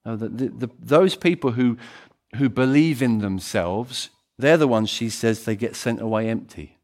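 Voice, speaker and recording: A man preaching a sermon as pastor, swinging between excited loud passages and quiet, intimate ones. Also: medium pitch, moderate pace. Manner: animated, swings from loud to hushed.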